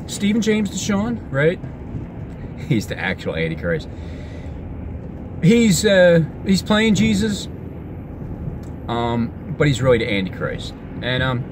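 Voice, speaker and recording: A man rambles excitedly while vlogging outside, his pitch bouncing all over as he goes. Again and again he halts, restarts or drifts off mid-sentence, and the noise of cars and the street carries clearly in the background.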